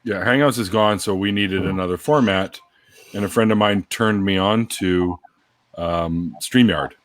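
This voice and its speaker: A man with a low, deep voice hosts a relaxed group chat over a video call. He chuckles often and echoes his guests' points back to them. The sound is dry and close to the mic. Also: a little slow. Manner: chuckling, repeats what others say.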